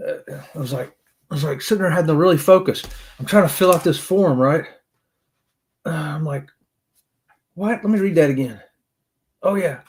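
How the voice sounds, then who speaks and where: A man's voice: a little high, fairly quick, pauses often. Folksy upbeat man hosting a livestream. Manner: folksy and upbeat, says "y'all" often. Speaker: livestream host. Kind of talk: casual live chat reading comments.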